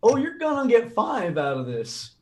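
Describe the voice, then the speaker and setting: Brief: male game master, high lively voice, jokes with his players. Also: moderate pace. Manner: playful, teasing narration. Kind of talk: narrating a tabletop game.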